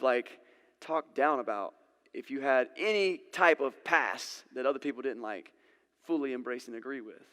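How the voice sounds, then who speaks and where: A man's voice: fairly high pitch, a bit bright. A man preaching a sermon in a casual, conversational way, acting out the scenes he retells. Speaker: pastor. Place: church sanctuary. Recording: long church-hall reverb.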